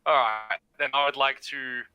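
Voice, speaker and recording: A man's voice: medium pitch, steady tone, normal speed, pushed and bright, clean tone, dry recording. A man playing a tabletop game on a video call, eager and playful and swearing casually. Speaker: player.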